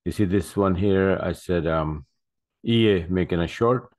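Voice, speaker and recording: A man with a very low, deep voice gives casual commentary on his trades from his desk. He rambles, stops for fillers and often corrects himself mid-sentence. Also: unhurried, a little mellow. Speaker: forex trader. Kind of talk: casual screen-share trading commentary.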